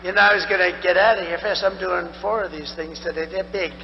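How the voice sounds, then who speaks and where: A man's voice: sits high, fairly even intonation, fast talker. An older man giving a rambling, boastful campaign rally speech, repeating himself, his voice strained and tiring. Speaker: political candidate. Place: large rally venue with a crowd. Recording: dull echoey hall with hum.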